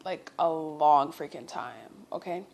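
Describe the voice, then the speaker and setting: A young woman telling a story in a chatty, animated way, swearing freely and talking to her listeners as girl. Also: sits low, slow pace, creaky. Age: young adult. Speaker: storytime vlogger. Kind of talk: casual storytelling.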